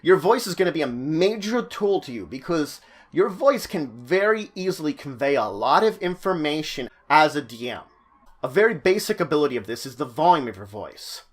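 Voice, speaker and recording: Give me an animated man teaching tabletop game mastering in a lively, high-ish voice. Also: moderate pace. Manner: animated, stop-start, emphatic. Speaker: dungeon master giving advice. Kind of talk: tutorial talk.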